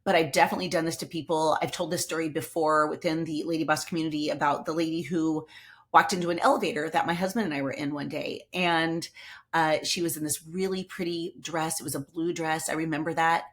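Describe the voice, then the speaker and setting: A woman's voice: deep voice, steady tone, brisk. A woman hosting a motivational podcast, telling stories in an enthusiastic, chatty way. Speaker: podcast host. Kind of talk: upbeat motivational podcast talk.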